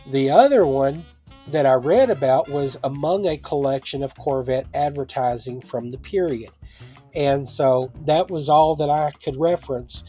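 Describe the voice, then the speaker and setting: A man with a somewhat high speaking voice chats his way through a casual vlog, drifting into personal asides as he goes. Soft guitar music plays quietly behind him. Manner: conversational, rambling with asides. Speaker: online seller and vlogger.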